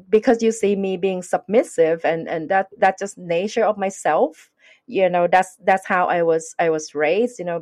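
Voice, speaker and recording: A woman's voice: lowish voice, darkish tone. A woman with a non-native English accent telling a personal story earnestly in conversation, acting out the dialogue. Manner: earnest, acts out quoted dialogue. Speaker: guest.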